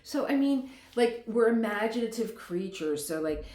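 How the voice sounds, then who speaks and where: A woman's voice: on the high side, lively intonation, normal speed, dark tone, roomy sound. A middle-aged woman vlogger talking casually at home, rambling into tangents and laughing often. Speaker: lifestyle vlogger. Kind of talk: casual chat.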